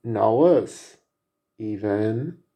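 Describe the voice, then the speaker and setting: A man's voice: on the low side, expressive, very slow, lo-fi sound, full character voice. A man voicing a vengeful shadow wizard, speaking in a solemn, vowing way. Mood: grim. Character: vengeful male shadow wizard, grim and determined.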